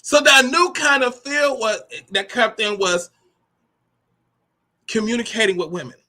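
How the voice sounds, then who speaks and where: Trans woman hosting a motivation show, swings her pitch all over, bright sharp tone, calls everyone honey. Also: measured pace. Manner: animated, brassy, curses freely, calls listeners honey and baby. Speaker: host of a motivational talk show. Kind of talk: sassy motivational talk.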